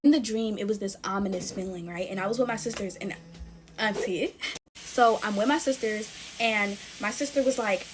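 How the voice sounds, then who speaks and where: A woman's voice: mid-range voice, normal speed, faint music behind. A woman chatting straight to her viewers, telling a scary story while she makes slime. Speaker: storytime vlogger.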